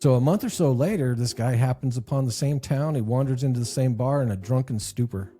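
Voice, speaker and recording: A man's voice: medium pitch, brisk, mellow, soft background music. A man co-hosting a podcast, telling a rambling joke and leading casual chat. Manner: rambling storyteller, laughs at own jokes. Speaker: podcast co-host.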